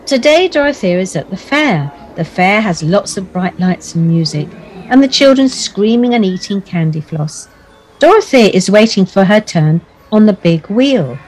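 A woman narrating a children's bedtime story in a gentle, expressive storytelling manner. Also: mid-range voice, normal speed, slight background noise.

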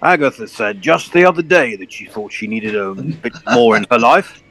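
A man's voice: mid-range voice, moderate pace, slight background noise. A man doing a pompous old colonel. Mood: blustering. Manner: blustering, posh, excitable.

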